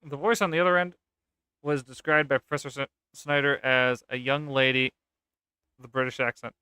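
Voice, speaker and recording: A man's voice: mid-range voice, fairly even intonation, moderate pace, pushed and bright, clean tone, no room sound, clean studio sound. A man reading a document aloud with casual, sarcastic commentary and occasional swearing. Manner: sarcastic, swears, laughs at the text. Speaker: gaming content creator.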